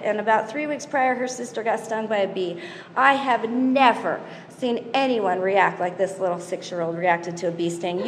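A chatty woman with a somewhat high voice gives parenting advice to a live audience, acting out little scenes as she talks. Her voice rings through a large hall with a long, echoey reverb and a faint hum of room sound behind it. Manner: chatty, animated, acts out scenes and quotes. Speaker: speaker giving parenting advice. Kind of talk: casual talk to a live audience.

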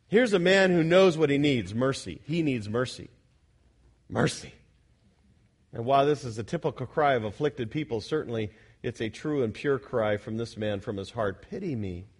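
A man preaching an expository sermon, talking with the congregation, asking them questions and correcting himself, who drops to quiet asides and then rises to loud, shouting emphasis. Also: mid-range voice, lively intonation, brisk, breathy edge. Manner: conversational, asks the congregation questions, self-correcting. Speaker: pastor.

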